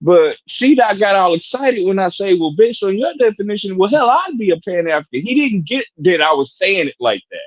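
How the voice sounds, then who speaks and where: Brief: high-pitched man on a podcast panel, stop-start delivery, dry and slightly muffled sound. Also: big pitch swings, dry recording. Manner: halting, many restarts and fillers. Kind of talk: casual debate chat.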